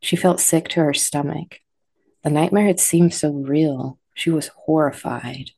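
A woman narrating scripted horror stories in a measured, dramatic way. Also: deep voice, steady tone, mellow, slightly rough, dry recording.

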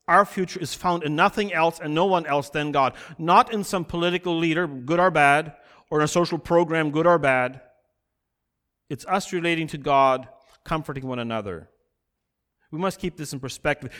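A man preaching a sermon as pastor, earnest and building in intensity, slowing down to stress key phrases. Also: fairly high pitch, fairly bright tone.

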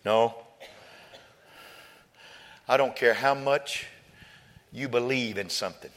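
A man preaching a sermon, quoting scripture and building from quiet talk to fervent shouting. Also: medium pitch, takes it slowly.

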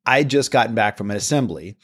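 A man co-hosting a podcast, telling a story in a lively way and mimicking voices as he goes. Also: fairly low pitch, fast, slightly rough. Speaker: podcast co-host. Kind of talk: casual podcast conversation.

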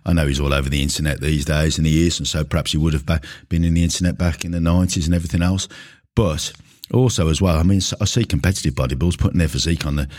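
A man's voice: rumbling low, fairly even intonation, rapid-fire, a little mellow. A middle-aged man, a gym coach, ranting casually to camera in a blunt, indignant, sweary way. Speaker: gym coach and podcast host. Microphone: camera mic at close range.

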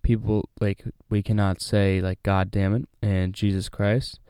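A man with a lowish, mellow voice reads a Bible passage and then chats about it casually, full of "uh" and "like". His voice is smooth and clear, recorded close and dry. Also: a little slow, no echo. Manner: relaxed, chatty, many fillers. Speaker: Bible study host. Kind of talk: casual Bible reading and commentary.

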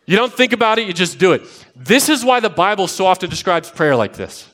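Pastor, man, 30s, higher register, animated storyteller who builds to emphatic, repeated lines. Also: a little fast. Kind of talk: sermon with personal stories.

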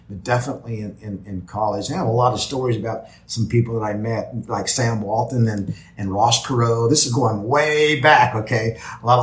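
A man's voice: mid-range voice, reverberant. A man talking as a podcast guest in casual interview chat, rambling with many restarts and repeated words.

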